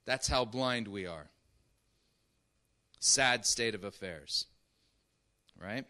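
A man's voice: lowish voice, drawn-out words, bright, forceful tone. A male preacher giving an emphatic sermon, often checking in with his listeners. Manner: emphatic, keeps checking in with "right?" and "okay?".

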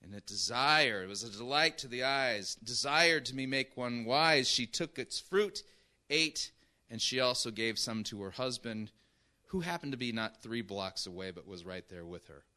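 A man's voice: mid-range voice, moderate pace, bright, forceful tone. A male preacher giving an emphatic sermon, often checking in with his listeners. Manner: emphatic, keeps checking in with "right?" and "okay?".

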